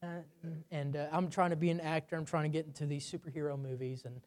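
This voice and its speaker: With a flat delivery and a quick pace, a man preaches, relating a personal story that builds to loud emphatic peaks before he goes low and quiet.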